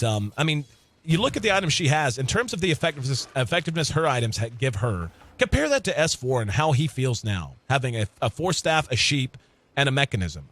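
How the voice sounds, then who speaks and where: A man doing live video game commentary in a relaxed, conversational way, thinking aloud with the occasional filler and an easy laugh. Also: mid-range voice. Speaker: esports commentator.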